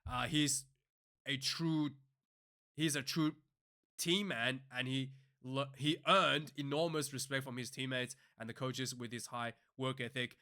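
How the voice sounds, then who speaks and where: A man's voice: mid-range voice, fairly even intonation, unhurried, sharp tone. A man hosting a casual news commentary show, talking in a rambling way full of fillers and restarts and working up into heated rants. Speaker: rugby news show host.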